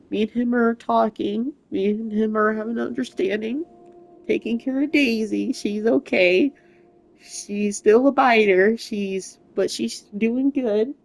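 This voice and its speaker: Young gamer talking into a console mic, emotional and halting, keeps rambling, middle pitch. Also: gravelly, a little mellow. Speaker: gaming channel host. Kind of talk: personal update vlog. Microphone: console mic without camera.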